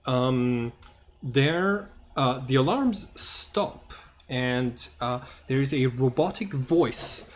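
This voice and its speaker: A man's voice: mid-range voice, animated, very slow. A man running a tabletop game as game master, hesitant and full of filler sounds, on a headset. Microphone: headphones with microphone.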